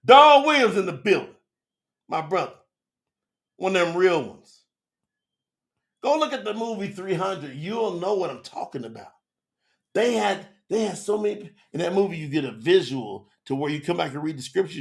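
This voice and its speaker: A man's voice: high voice, animated, moderate pace, gravelly, a bit bright. A man teaching scripture on a live stream with fervent, preacherly passion, talking straight to his chat viewers.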